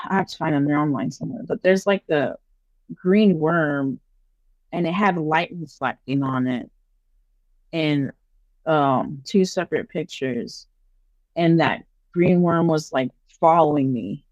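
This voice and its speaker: A woman guest on a podcast, casually telling paranormal stories in a chatty, animated way full of fillers. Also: low voice, no echo, lo-fi sound. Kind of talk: casual storytelling interview.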